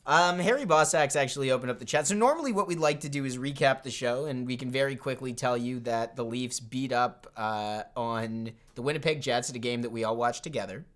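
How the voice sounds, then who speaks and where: A man's voice: mid-range voice, fairly quick, hardly any pauses, a bit bright. A man hosting a fan podcast over a remote call from home, teasing his co-host in a playful, upbeat way. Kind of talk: casual chat.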